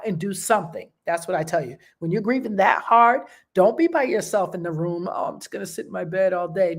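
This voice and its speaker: Encouraging woman talking straight to listeners. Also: mid-range voice. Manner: direct, encouraging, conversational with many fillers. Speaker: host. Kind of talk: casual motivational talk.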